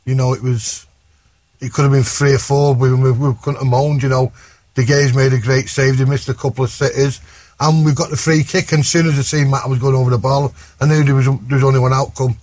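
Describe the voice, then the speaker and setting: A man's voice: medium pitch, flat delivery, brisk, a little mellow, dry recording. A man, a guest pundit giving blunt, matter-of-fact match analysis.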